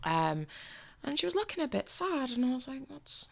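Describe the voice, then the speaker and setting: A woman's voice: high voice, normal speed, creaky. A young woman, chatting theatrically and acting out quotes as a podcast co-host. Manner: lively, theatrical, swears, acts out quotes. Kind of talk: casual chat.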